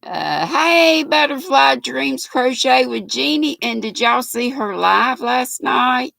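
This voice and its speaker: A woman's voice: high voice, lively intonation, takes it slowly, creaky, sharp tone, no room sound. An older woman with a North Carolina Southern accent, chatting folksily and laughing as she hosts a live stream and reads out viewer comments. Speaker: livestream host. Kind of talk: casual live chat reading viewer comments.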